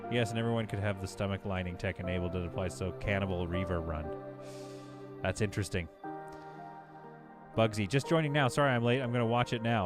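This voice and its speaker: A man casually chatting on a live game stream, reading out viewer messages and laughing often. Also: fairly low pitch. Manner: chatty, reads chat aloud, laughs often. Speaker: livestream gamer host.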